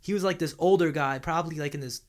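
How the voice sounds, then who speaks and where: A man's voice: fairly high pitch, quick pace. A young man co-hosting a podcast, telling a campus story in a laid-back, slangy way. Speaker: podcast co-host. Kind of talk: casual storytelling chat.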